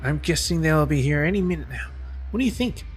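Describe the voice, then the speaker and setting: A man's voice: fairly high pitch, lively intonation, a little fast, pitched above the performer's own voice, close to an everyday voice. A man reading lines for a cocky male prisoner in a video game, in a brash, showy tone. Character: cocky male prisoner who loves nicknames.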